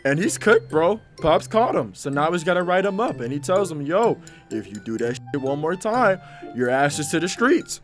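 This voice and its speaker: A man's voice: fairly high pitch, big pitch swings, normal speed, soft background music. A young man casually recapping a cartoon in a slangy, profane, laid-back way. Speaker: commentator.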